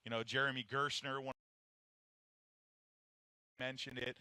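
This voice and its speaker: A man's voice: medium pitch, a little slow, pauses often, pushed and bright, no room sound, studio quality. A man doing color commentary at a race, chatting and reminiscing in a conversational way.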